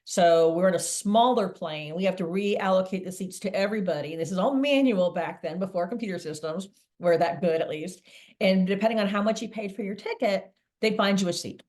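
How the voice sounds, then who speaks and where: A middle-aged woman, a sales veteran interviewed as a guest, telling a long anecdote in a lively way. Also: medium pitch, fairly quick. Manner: lively storyteller, acts out quoted voices.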